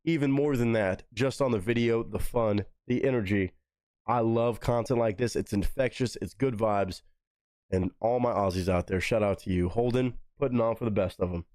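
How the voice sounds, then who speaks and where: A man from Texas hosting a live music reaction, talking excitably and swearing freely. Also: moderate pace, dry recording. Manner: excitable, swears freely, big swings in pitch.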